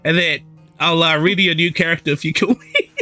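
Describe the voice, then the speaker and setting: A man's voice: a little high, steady tone, a little fast, bright, forceful tone, soft background music. A man playing in a tabletop game, chatty and often laughing. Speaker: player. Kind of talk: casual game chat.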